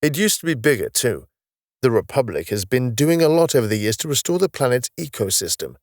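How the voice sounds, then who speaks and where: A man voicing a calm, knowledgeable male space officer from the far future who patiently explains his world with a wry touch. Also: mid-range voice, a little fast, no echo, studio quality. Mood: explaining.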